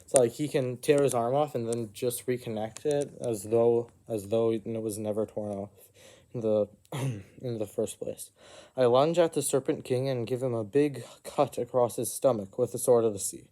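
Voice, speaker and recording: A man narrates an improvised fantasy adventure in the first person. His voice is mellow and soft-edged, and he keeps breaking off for asides and self-corrections. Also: mid-range voice, steady tone, moderate pace. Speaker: storyteller.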